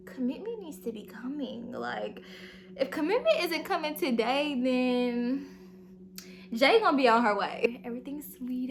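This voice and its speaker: A young woman vlogger telling a storytime in an animated, slangy way, acting out the dialogue, recorded in her bedroom at home. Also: high voice, background noise. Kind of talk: storytime vlog.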